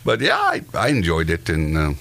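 A man with a very low voice, chatting casually as a podcast co-host. He reads out odd news stories and drops dry asides, chuckling at his own jokes. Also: huge pitch swings, moderate pace, creaky, a bit bright. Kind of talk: casual chat, reading news items.

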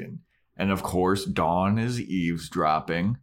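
A man with a somewhat low voice hosting a podcast. He recaps an episode in loose, casual chat, telling it as a lively story. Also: normal speed. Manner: animated storyteller. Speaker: podcast host.

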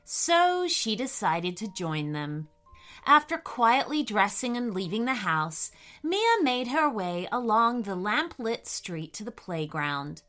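Woman storyteller, bedtime reading, lively and high, soft music bed. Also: takes it slowly. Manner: gentle, expressive.

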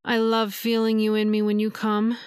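A breathless, pleading adult woman lover in an audio story, voiced by the woman who narrates it. The voice is smooth and clear. It stays fairly level in pitch and sounds close and dry. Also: monotone, normal speed, darkish tone, dry recording, natural voice.

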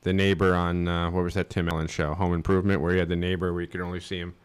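A man's voice: sits low, level tone, racing, smooth. A man in his forties, co-hosting a podcast and telling rambling stories with wry jabs. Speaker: podcast co-host. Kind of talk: casual joking chat.

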